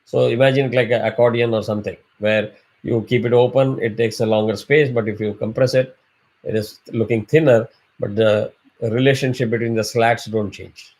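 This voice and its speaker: A man's voice: mid-range voice, steady tone, normal speed, darkish tone. A man teaching a chanting class, explaining patiently and drawing out syllables as examples. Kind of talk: online class instruction.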